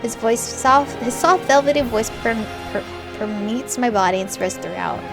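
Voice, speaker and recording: Expressive young woman reading a game aloud. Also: fairly high pitch, normal speed, gravelly. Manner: expressive, jumps to loud excited reactions. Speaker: gamer. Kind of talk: reading a visual novel aloud with reactions. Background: faint game music.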